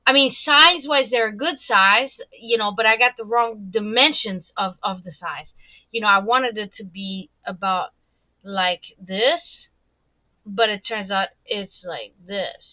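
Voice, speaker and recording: Painting live on stream, this woman from Serbia talks at an unhurried pace, venting with plenty of curses and wandering tangents. Her medium-pitched voice comes through dry and phone-like, with no room sound at all.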